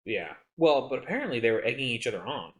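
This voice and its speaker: A man's voice: medium pitch, sing-song, fast talker. A young man co-hosting a casual podcast, joking around, firing off questions and correcting his co-host. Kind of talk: casual chat.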